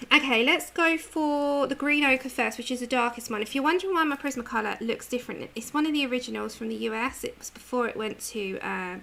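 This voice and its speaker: Bright, gravelly British woman host. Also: a little high, brisk, a little hiss or hum. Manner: chatty, laughs often, answers viewer comments. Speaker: livestream host. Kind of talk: casual chat while colouring live.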